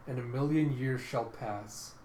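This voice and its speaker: A man reading a brooding male vampire lord aloud, slow and grave with old-fashioned diction, in a roomy room. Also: medium pitch, dark tone, slight background noise, natural voice. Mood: tender. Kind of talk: dramatic comic readthrough.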